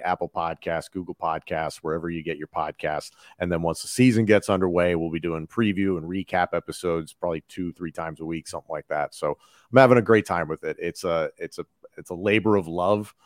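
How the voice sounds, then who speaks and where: A man speaking as a podcast guest in a casual interview, confident and measured, listing things off one after another. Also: low voice, no echo, studio quality. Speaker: podcast guest, wrestling commentator.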